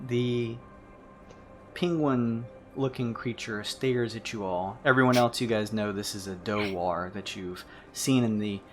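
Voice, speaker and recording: A man's voice: on the low side, measured pace, faint music behind. A man narrating a tabletop role-playing game as game master, describing scenes with frequent restarts.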